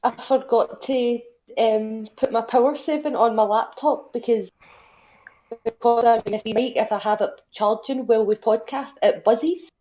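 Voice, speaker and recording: A woman's voice: on the high side, steady tone, normal speed, warm tone. A woman co-hosting a podcast, a bit flustered and apologetic. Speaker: podcast co-host. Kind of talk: casual podcast chat. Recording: dull, lo-fi laptop mic.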